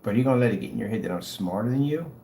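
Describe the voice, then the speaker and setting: A man's voice: on the low side, animated, very fast, mellow, echoey room, a little hiss or hum. A man ranting in a mocking, confrontational way, addressing a rival in a vlog. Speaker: vlogger. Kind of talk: ranting commentary.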